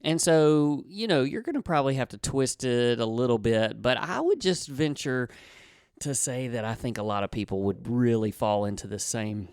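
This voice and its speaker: A man's voice: mid-range voice, expressive, normal speed, a little mellow, clean tone, no echo, clean studio sound. A man in his forties co-hosting a marriage podcast, telling a story in a rambling, casual way and correcting himself often. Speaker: podcast co-host.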